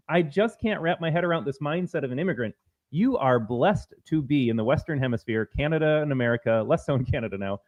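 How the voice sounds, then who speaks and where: A man's voice: a little high, animated, quick pace, a little mellow. Blunt opinionated man, dull lo-fi audio. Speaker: podcast co-host. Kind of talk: political talk show banter.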